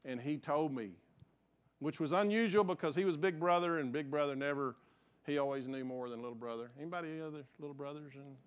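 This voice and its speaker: A pastor preaches a sermon in an earnest, storytelling way. His voice sits fairly high for a man, and he swings between raised emphasis and hushed, quiet passages. The recording sounds dull and lo-fi. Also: clear, resonant tone.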